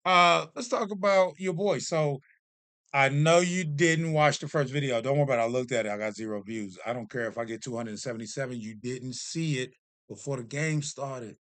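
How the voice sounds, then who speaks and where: A man in his thirties or forties chatting to camera as a vlog host, telling stories in an animated, joking, self-deprecating way. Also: mid-range voice, moderate pace, dry recording. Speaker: vlogger host. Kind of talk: casual chat to camera.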